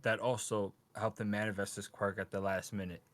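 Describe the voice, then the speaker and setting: A man's voice: fairly low pitch, level tone, fairly quick, fairly bright tone, no echo. A man co-hosting a podcast, explaining plot points and tossing in joking asides. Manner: jokey, throws in wisecracks. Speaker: podcast co-host. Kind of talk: casual chat.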